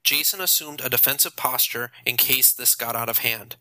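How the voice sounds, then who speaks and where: A man narrating an audiobook in a steady, even storytelling manner. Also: medium pitch, moderate pace, no echo, rough recording.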